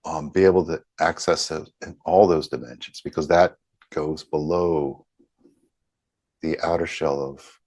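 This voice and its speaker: Male session leader, gentle and halting, low and unhurried, video-call audio. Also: steady tone, no room sound. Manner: slow, gentle, halting, with many pauses and fillers. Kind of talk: guided group healing session over video call.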